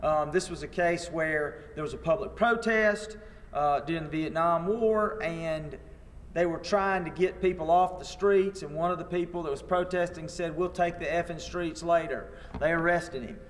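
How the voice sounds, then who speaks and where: A man's voice: a little high, moderate pace. A man, a lawyer teaching a training seminar in a wry, anecdotal way. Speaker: attorney and workshop instructor. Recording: long hall reverb.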